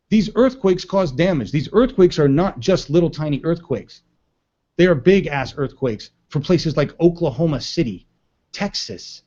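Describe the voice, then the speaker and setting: A man's voice: a little high, darkish tone. A man hosting a live news stream, ranting indignantly with profanity and calling his viewers folks. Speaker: livestream news show host. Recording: muffled lo-fi audio.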